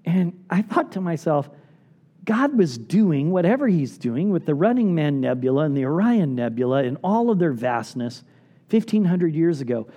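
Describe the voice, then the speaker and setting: A middle-aged man preaching a sermon as a pastor, earnest and pleading, often dropping to soft low tones for emphasis. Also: big pitch swings, moderate pace, highs cut off.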